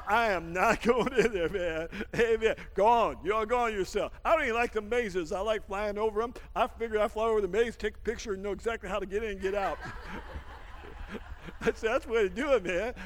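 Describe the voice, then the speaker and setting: A man preaching a lively sermon, laughing often and swinging from shouts down to hushed asides, with a folksy habit of saying "man.". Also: sits high, a little fast, big-room sound. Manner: folksy, calls everyone "man". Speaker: pastor.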